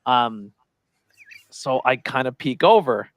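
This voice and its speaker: A man's voice: mid-range voice, takes it slowly, dry recording. A man co-hosting a casual talk show, spinning a workplace prank story. He acts out each person's voice as he goes. His mid-range voice sounds close and dry, with no room around it. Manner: animated storyteller who acts out quoted voices. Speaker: podcast co-host.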